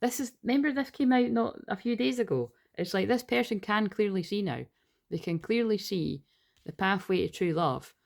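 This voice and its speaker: A woman's voice: mid-range voice, normal speed, vocal fry, a little mellow. A woman doing a rambling, casual tarot reading as an energy healer, swearing now and then.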